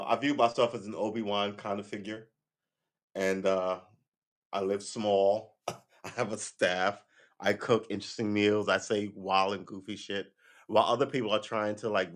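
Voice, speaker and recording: A middle-aged man hosting a livestream, chatting casually to viewers in a loose, rambling way, swearing and laughing often. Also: fairly low pitch. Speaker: livestream host.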